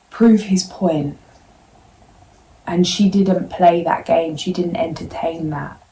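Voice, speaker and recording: A woman giving a tarot card reading straight to her viewers, in a gentle, meandering and reassuring way. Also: fairly low pitch, low-quality recording. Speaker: tarot reader.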